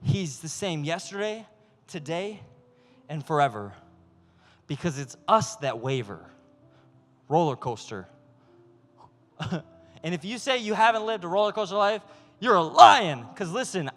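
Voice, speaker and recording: High-voiced preacher in an echoey hall. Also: male voice, normal speed. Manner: animated, acts out voices of God and people. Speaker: youth pastor. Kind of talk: sermon.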